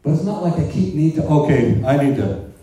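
Male pastor preaching, chatty and animated, pitch swinging a lot; captured from a distance in a reverberant church. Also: a little fast. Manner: animated, conversational preaching with asides to the congregation. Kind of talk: sermon. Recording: roomy echo, distant mic.

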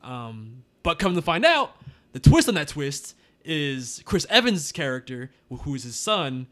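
Bright-voiced man chatting casually. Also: on the high side, sing-song, unhurried. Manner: laughs often, loose and profane. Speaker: podcast host. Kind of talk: casual movie review chat.

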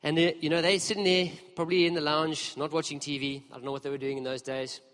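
Man preaching a conversational sermon, slightly high voice, long church reverb. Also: quick pace. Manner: storytelling, lively and conversational with the congregation. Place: church hall. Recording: long reverb of a large hall.

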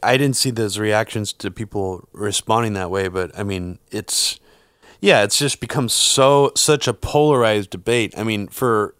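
A man's voice: fairly low pitch, a little slow, a bit bright, dry recording, studio quality. A man co-hosting a political podcast, blunt and rambling, cursing as he argues. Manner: blunt, rambling with restarts and swearing. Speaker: podcast co-host. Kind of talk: casual political chat.

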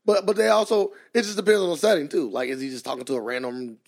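A man with a gravelly, somewhat high voice argues his side in a casual podcast chat. He pushes back, jokes around and laughs often. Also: flat delivery, quick pace, a little mellow. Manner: argumentative, joking, laughs often. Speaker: podcast co-host.

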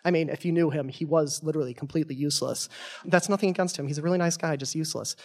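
A young man in his twenties telling a personal story on stage, animated and goofy, chatty with lots of fillers. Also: fairly high pitch, racing.

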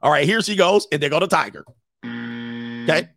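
A man's voice: fairly high pitch, lively intonation, fairly quick. A man hosting a casual reaction stream, telling a story bluntly and with animation while he acts out quotes. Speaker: host.

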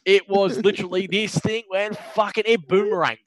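A man's voice: high-pitched, fairly even intonation, moderate pace, dry recording. An Australian man co-hosting a podcast, telling stories in casual chat, laughing and swearing a lot. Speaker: podcast co-host.

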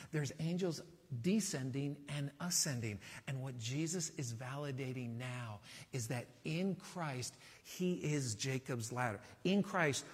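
In a large hall, a pastor preaches in a conversational, animated way, putting rhetorical questions to the congregation. His voice is husky and medium-pitched.

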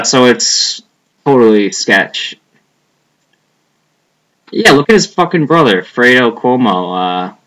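A man's voice: medium pitch, a bit bright, low-quality recording. A young man chatting casually as a podcast co-host, rambling and profane, trailing off with a lot of "like". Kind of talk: casual chat.

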